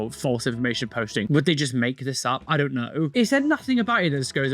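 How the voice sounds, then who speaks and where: A British woman hosting a reaction video, bluntly mocking bad tattoos with exaggerated disgust. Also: very deep voice. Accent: British English. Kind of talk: casual reaction commentary.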